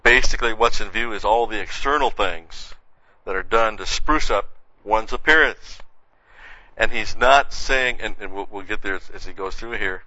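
A male preacher teaching through a Bible passage verse by verse, his lowish voice bright and sharp-edged. He keeps it conversational, tossing in "see" and "you know" as he goes. The recording is dry and dull, like an old lo-fi tape. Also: normal speed, no room sound. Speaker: pastor. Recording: dull, muffled lo-fi sound.

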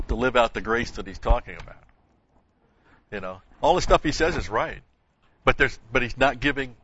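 A man's voice: medium pitch, lo-fi sound, background noise. A man teaching an informal Bible class, talking in a rambling, conversational way with folksy asides.

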